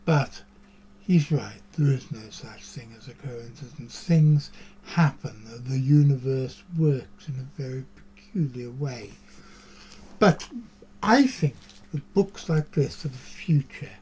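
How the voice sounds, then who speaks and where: A man's voice: medium pitch, takes it slowly, warm tone. A man, hosting a show and talking in a rambling, chatty monologue full of musing asides. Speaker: podcast host. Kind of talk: casual monologue to camera.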